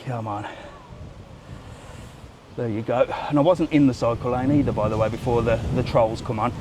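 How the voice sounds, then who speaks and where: A man's voice: medium pitch, steady tone, moderate pace, noisy background. A middle-aged man from England hosting a casual live stream as he walks outdoors, talking chattily, swearing freely and teasing passers-by. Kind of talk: casual live walkabout chat. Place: outdoors by a seafront road and beach.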